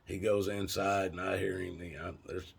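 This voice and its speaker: Gravelly deep-voiced storyteller man. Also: flat delivery, moderate pace. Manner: rambling, folksy and profane, lots of fillers. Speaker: vlogger. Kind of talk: casual storytelling.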